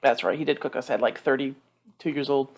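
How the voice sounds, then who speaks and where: A man's voice: medium pitch, fairly quick. A man co-hosting a sports podcast in casual chat, full of joking, teasing banter. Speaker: podcast co-host.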